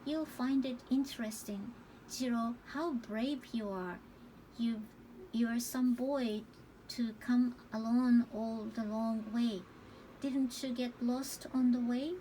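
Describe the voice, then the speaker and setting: A woman voicing a kindly but sharp-tongued old grandmother who fusses and scolds gently. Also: fairly high pitch, steady tone, takes it slowly, a little hiss or hum, poor audio. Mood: soothing.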